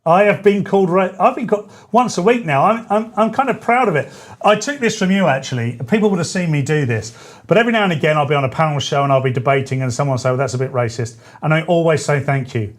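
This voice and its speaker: A man, hosting a live-stream show in a chatty, joking way with quick asides. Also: a little high. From England. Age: 40s. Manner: chatty, jokey, self-correcting asides. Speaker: show host. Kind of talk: casual live-stream chat.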